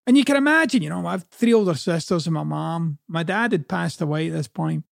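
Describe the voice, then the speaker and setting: A man's voice: on the high side, a little fast, vocal fry, dry recording, studio quality. A man from Scotland with a Scottish accent, a coach giving a blunt, profane, conversational motivational talk.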